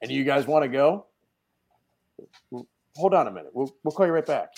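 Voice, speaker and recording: Animated man telling a story. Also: on the high side, a little fast, breathy edge, lo-fi sound. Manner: animated storyteller who acts out quoted dialogue; laughs often mid-story. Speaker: podcast guest, dent repair technician. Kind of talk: casual chat.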